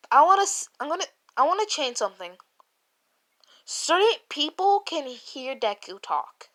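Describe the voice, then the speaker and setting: Retelling an invented fan story in a loose, casual way, a woman with a high, fairly bright voice keeps wandering and cursing. Her sentences restart again and again, peppered with "like."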